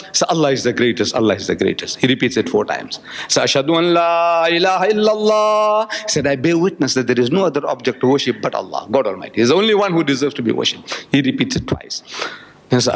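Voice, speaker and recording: An older man from South Africa delivers a public lecture with a slightly raised pitch. His speech is impassioned, climbing to emphatic peaks before sinking low again. The sound carries a long reverb from a large hall.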